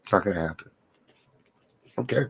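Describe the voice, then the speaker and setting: Earnest, low-voiced middle-aged man. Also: expressive, fairly quick, gravelly, breathy edge. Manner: earnest, confiding, tells stories with laughs. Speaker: recovery vlogger. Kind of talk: daily reflection talk to camera.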